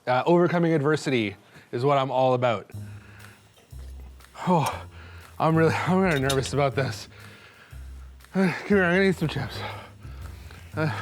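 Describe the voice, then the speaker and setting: A man hosting a cooking show, chatting in a rambling, self-mocking, nervous-joking way. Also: a little high. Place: studio kitchen.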